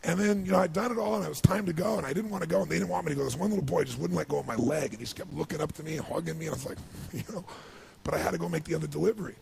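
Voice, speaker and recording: A man telling an emotional story to a seminar audience, building to excited outbursts. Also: on the high side, rapid-fire, gravelly, crowd noise. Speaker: motivational speaker. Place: large seminar hall with audience.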